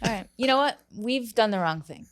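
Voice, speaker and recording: A woman's voice: on the high side, lively intonation, normal speed. Young woman hosting a comedy podcast, loose and sweary, lots of jokes. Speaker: podcast host. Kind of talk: casual comedy chat.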